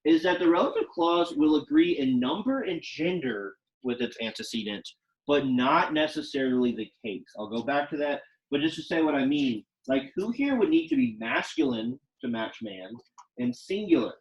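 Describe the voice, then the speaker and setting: A man's voice: fairly high pitch, big pitch swings, moderate pace, dull audio. A young man teaching a Latin class, speaking casually and quizzing his students with questions. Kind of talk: classroom lecture.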